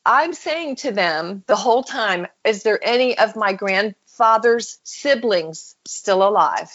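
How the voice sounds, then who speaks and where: A woman's voice: mid-range voice, takes it slowly, highs cut off. A woman, a podcast guest, telling a personal story in an interview and acting out the voices of the people she quotes. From United States. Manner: animated storyteller who acts out quoted voices.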